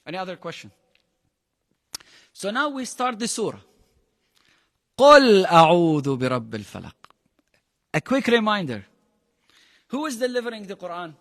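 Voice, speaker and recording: A man whose first language is Arabic teaches a Quran lesson emphatically, quizzing his class with frequent questions and mixing phrases into his English. His voice is high and a bit bright, and the recording has a big-room sound.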